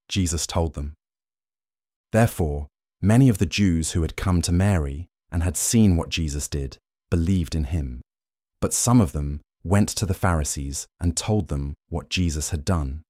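A man narrating scripture in a steady, measured way. His voice is very deep and mellow. It is recorded dry and close, with no room sound. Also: dry recording. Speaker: scripture reader.

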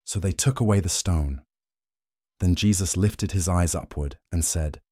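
A man reading a Bible passage aloud in a steady, measured scripted narration. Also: low voice, no room sound, studio quality. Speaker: scripture reader.

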